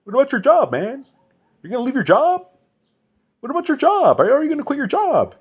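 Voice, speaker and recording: A man putting on a shrill, incredulous voice to mock a nagging, job-obsessed busybody who squeals the same questions over and over in a comic rant. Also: wildly swooping pitch, brisk, dull audio, exaggerated voice. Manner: squealing, incredulous, repeats itself. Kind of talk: mocking impression in a comic rant.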